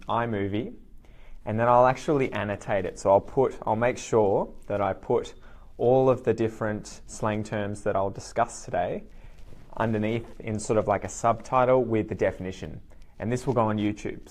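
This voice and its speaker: An Australian man giving a live online English lesson, speaking slowly and clearly and repeating words for learners. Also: fairly low pitch. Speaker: English teacher.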